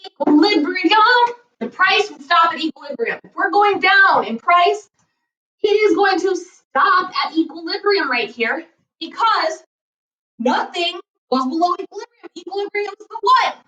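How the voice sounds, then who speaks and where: Female teacher, high voice, playful, keeps checking "okay?", echoey basement. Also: lively intonation, a little slow, sharp tone, far from the mic, lo-fi sound. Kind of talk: recorded economics lesson. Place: basement floor at home.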